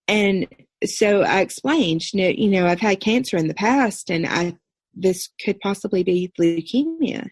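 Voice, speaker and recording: A woman in her thirties, a podcast guest, earnestly telling a personal story in a steady recounting way. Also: mid-range voice, measured pace, slightly rough, no room sound. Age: 30s. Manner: earnest, steady recounting with brief quoted dialogue.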